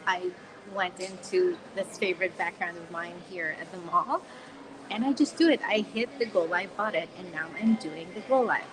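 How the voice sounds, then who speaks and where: A woman's voice: on the low side, normal speed, rough recording. A woman from the Philippines in her forties, a coach talking casually and upbeat on a live stream filmed with a phone on a tripod, laughing often. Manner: chatty and upbeat, with frequent laughs and fillers. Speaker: confidence coach. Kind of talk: live-stream talk to followers. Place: shopping mall, in a public space. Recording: phone live-stream with mall crowd behind. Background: crowd of shoppers.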